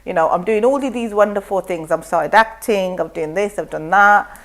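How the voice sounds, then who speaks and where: A middle-aged woman, a guest on a talk show, telling her story in a lively way and acting out what others said. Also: mid-range voice, normal speed. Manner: animated storytelling, acts out quotes. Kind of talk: casual chat.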